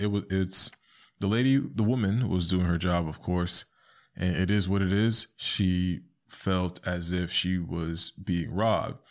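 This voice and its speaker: A man hosting a podcast alone, talking casually and animatedly, often jumping into high squeaky voices to quote people. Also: fairly bright tone. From South Florida. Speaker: podcast host. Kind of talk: casual solo podcast commentary.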